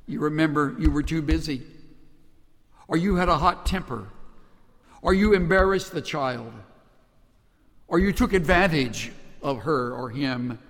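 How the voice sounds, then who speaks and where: Man, pastor's sermon, gravelly voice, slightly high pitch, earnest, soft then emphatic, long hall reverb. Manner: earnest, swinging between soft hushed lines and raised emphatic ones.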